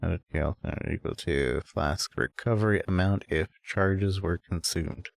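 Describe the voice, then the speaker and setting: A man streaming a game with casual commentary, relaxed and muttering to himself. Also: deep voice, moderate pace, vocal fry. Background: faint game music.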